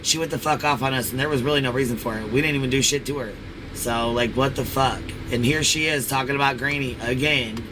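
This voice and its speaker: A man co-hosting a live stream, reacting in an excitable way with lots of swearing and laughs. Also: mid-range voice, fast talker, background noise. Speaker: co-host.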